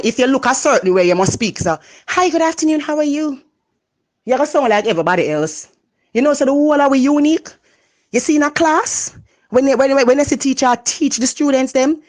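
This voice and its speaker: Jamaican woman, motivational speaker, loud, passionate, patois-laced talk. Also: a little high. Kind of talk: motivational monologue.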